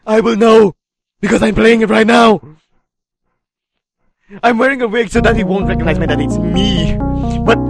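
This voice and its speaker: A man giving theatrical, excitable commentary while playing a horror game, often shouting in mock terror. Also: high voice, normal speed, long pauses, over music. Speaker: let's play gamer.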